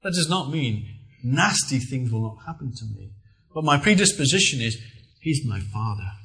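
A middle-aged man delivers a sermon in an earnest storytelling manner. His voice sits at an ordinary middle pitch, and he leans into lively emphasis as he preaches. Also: normal speed, poor audio.

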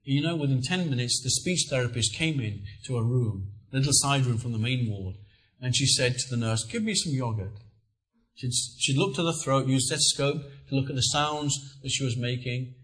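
A middle-aged man delivers a sermon in an earnest storytelling manner. His voice sits at an ordinary middle pitch, and he leans into lively emphasis as he preaches. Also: moderate pace, poor audio.

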